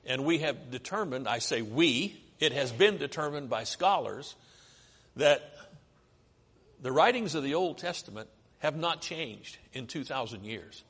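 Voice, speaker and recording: A man's voice: medium pitch, expressive, measured pace, fairly bright tone, husky. An American man preaching a sermon, talking through slides and asking the audience questions. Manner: conversational, asks the audience questions. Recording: long hall reverb.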